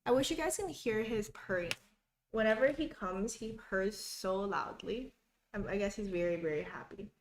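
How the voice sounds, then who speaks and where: A woman's voice: medium pitch, moderate pace, slight background noise. A young woman hosting a live study stream at home, reading viewer comments aloud and greeting people by name in a chatty, upbeat way.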